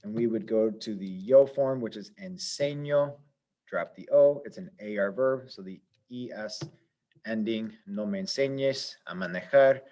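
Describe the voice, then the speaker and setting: A man's voice: lowish voice, unhurried, mellow. Patient man walking through a lesson. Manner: patient, methodical, thinks aloud with fillers. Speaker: Spanish teacher. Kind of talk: step-by-step lesson explanation.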